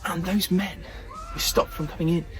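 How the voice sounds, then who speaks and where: A man telling a story to children in a lively, chatty way. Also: sits high, moderate pace, faint music behind. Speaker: children's church leader.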